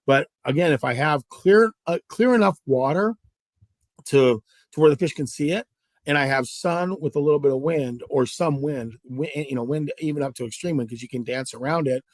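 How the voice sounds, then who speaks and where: A slightly high-voiced middle-aged man from Southern California, a guest angler, tells fishing stories at a moderate pace in a casual interview. He's animated and voices the dialogue himself, in a dry, studio-quality recording.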